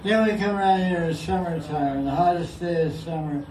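A man's voice: a little high, normal speed, a little mellow, slight background noise. A man teaching a group in a casual, playful way, often laughing and mimicking sounds as he goes. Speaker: teacher explaining verses. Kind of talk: casual class talk. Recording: echoey room, from far off.

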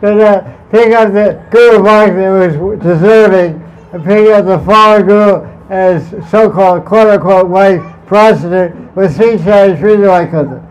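A man's voice: high-pitched, moderate pace, clean tone. A man telling a devotional story as a spiritual teacher. He rambles, chuckles and restarts his sentences often. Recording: muffled lo-fi recording.

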